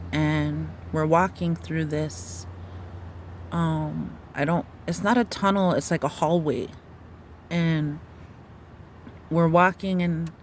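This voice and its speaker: Woman, slow-paced, halting, searching for words, personal dream testimony. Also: sits low, slight background noise. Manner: halting, searching retelling full of fillers and restarts. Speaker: storyteller.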